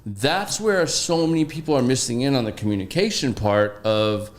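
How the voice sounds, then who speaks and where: A man telling anecdotes in an animated, casual way during a podcast conversation. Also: medium pitch, normal speed.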